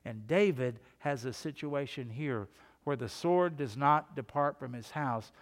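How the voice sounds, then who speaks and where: A man's voice: mid-range voice, measured pace. An older man preaching a sermon as pastor, talking in a conversational way that builds to earnest emphasis. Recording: long reverb of a church hall.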